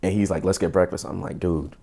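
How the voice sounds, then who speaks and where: Middle-aged man, gravelly voice, lowish pitch, animated storytelling, stammers and restarts. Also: quick pace. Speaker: podcast guest, former police officer. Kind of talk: casual storytelling interview.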